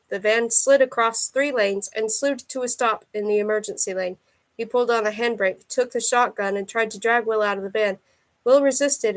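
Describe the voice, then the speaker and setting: A woman reading a thriller novel aloud in a steady, unhurried narration. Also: a little high. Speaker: audiobook reader.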